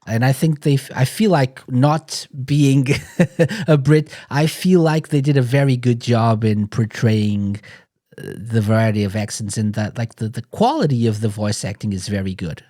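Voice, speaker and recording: A man's voice: mid-range voice, normal speed, warm tone, no echo, clean studio sound. A man hosting a podcast, asking questions in a casual, hesitant way with many fillers. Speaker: podcast host.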